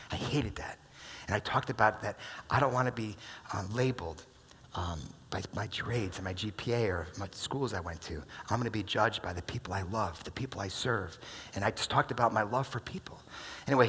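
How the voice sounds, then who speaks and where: A man in his forties giving a motivational keynote talk, telling stories dramatically and swinging from loud bursts to hushed asides. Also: fairly low pitch, breathy edge. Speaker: keynote speaker. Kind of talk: motivational stage storytelling. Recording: long hall reverb.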